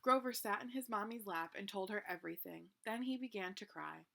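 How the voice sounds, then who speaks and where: A woman reading a children's picture book aloud with expressive narration. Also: mid-range voice, fairly quick, creaky, slight background noise. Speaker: reader. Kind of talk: children's storybook read-aloud.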